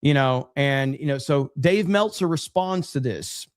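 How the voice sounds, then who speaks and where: A man's voice: medium pitch, a little slow, clear, resonant tone, dry recording, clean studio sound. A man hosting a livestream, reading super chats and rambling sarcastically to his chat. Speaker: livestream host. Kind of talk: casual livestream commentary.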